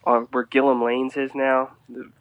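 Brief: male podcast guest, mid-pitched, spins a rambling anecdote in a dry, close sound. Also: moderate pace, no echo, low-quality recording. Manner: rambling, animated anecdote with restarts. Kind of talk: casual storytelling.

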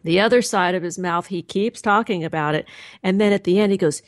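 A woman's voice: fairly low pitch, fairly quick, dry recording, studio quality. A woman hosting a radio show and working as a therapist, telling stories in a conversational way. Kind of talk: radio interview.

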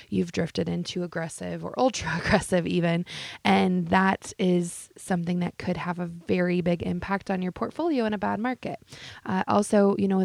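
A woman's voice: lowish voice, gravelly, a little mellow, dry recording. A woman co-hosting a financial radio show, adding earnest points about portfolio risk and legal documents. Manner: earnest, adds points, fillers like um and uh. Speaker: financial advisor co-host. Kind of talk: explanatory radio talk.

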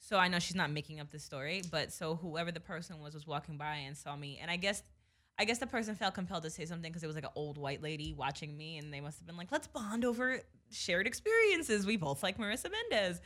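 A woman's voice: low-pitched, fairly even intonation, fast, a bit bright. A young woman hosting a podcast, chatting candidly and swearing freely while she tells stories. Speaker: podcast host. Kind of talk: casual podcast chat.

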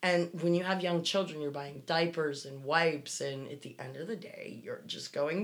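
A woman's voice: low-pitched, unhurried, pushed and bright. A woman co-hosting a casual podcast, reading listener messages and talking frankly, swearing freely. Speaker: podcast co-host.

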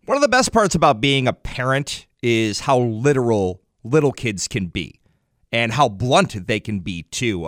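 A man's voice: no room sound, clean studio sound. A man hosting a morning radio show, telling a family story in an upbeat, chatty way. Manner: upbeat, storytelling with lively jumps in pitch. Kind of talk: morning radio talk segment.

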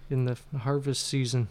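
A man's voice: mid-range voice, darkish tone, a little hiss or hum. A man co-hosting a casual comedy podcast in a laid-back way, swearing freely and laughing often. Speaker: podcast co-host.

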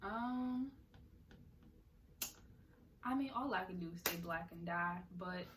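A young woman from New Jersey co-hosts a podcast with a bright, forceful tone, animated and emphatic in casual chat. She sits a little back from the mic, with a faint hiss behind her. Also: lowish voice, slow pace. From Central New Jersey. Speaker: podcast co-host. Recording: distant mic with faint noise.

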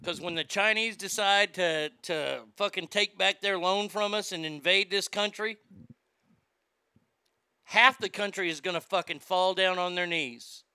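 A man's voice: high voice, unhurried, bright, forceful tone, clean tone, no room sound. A man ranting in a sarcastic, indignant, profane commentary, recorded on a close mic. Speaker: social media commentator.

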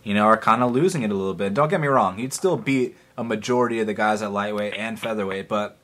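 A man co-hosting a casual fight-betting podcast, talking in an excitable, emphatic way with lots of swearing. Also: on the low side, fast. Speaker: podcast co-host.

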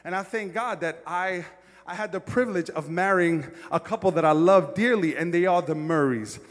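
High-voiced preaching pastor in a reverberant hall. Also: male voice, moderate pace. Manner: preachy, builds from quiet to loud storytelling. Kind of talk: sermon.

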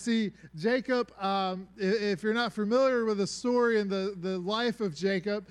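A young man delivers a casual sermon in a clear, resonant, fairly high voice. He talks loosely, with filler words and easy humor, as if chatting with friends in the pews. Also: moderate pace, hardly any pauses. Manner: relaxed, conversational, with frequent "uh" fillers and joking asides. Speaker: preacher.

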